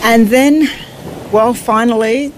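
A woman's voice: on the high side, steady tone, takes it slowly, noisy background. A woman guest on an interview show, vividly retelling her own survival story. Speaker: guest, author.

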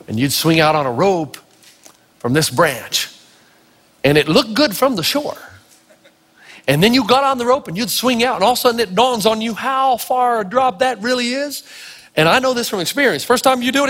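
Preaching with stories, a pastor from Tennessee brings the dialogue to life in raised voices as an animated storyteller. He speaks briskly in a high-sitting voice, and long hall reverb surrounds him.

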